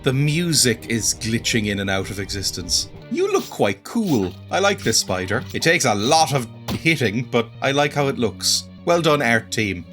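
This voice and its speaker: A man talks through a video game playthrough with a sarcastic edge. His pitch swings widely, leaping up when he exclaims. Faint music runs behind him. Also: big pitch swings, moderate pace, hardly any pauses, a bit bright. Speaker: gaming video creator.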